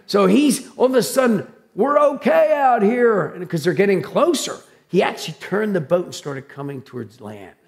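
A male pastor with a high, gravelly voice delivers his sermon. He talks loudly and with animated drama, throwing himself into his stories. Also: brisk, few pauses. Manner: loud, animated, dramatic storytelling. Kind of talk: sermon with personal storytelling.

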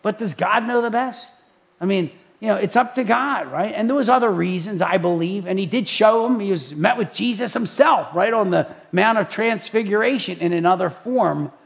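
A man preaching in a chatty way, telling stories with lively acted-out voices. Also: high voice, moderate pace, creaky. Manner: animated storytelling, acts out quoted voices. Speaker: pastor. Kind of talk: preaching talk.

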